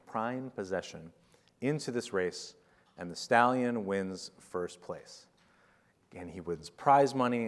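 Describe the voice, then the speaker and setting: A man with a very low, deep voice gives a motivational talk at a conference. He rambles and jokes as he tells a parable. His delivery is animated and casual. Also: long reverb tail. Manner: jokey, rambling, animated storyteller. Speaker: conference keynote speaker.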